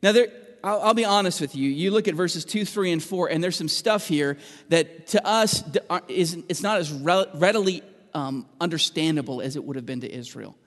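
A man preaching a sermon as pastor, moving between emphatic and hushed delivery. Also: on the high side, moderate pace, in a large hall.

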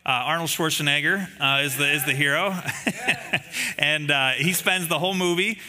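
A man delivering a sermon as a pastor, his voice very bright and a little high for a man. He talks to the congregation conversationally, leaning on rhetorical questions. He acts out the lines of the people in the story with animated storytelling. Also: brisk.

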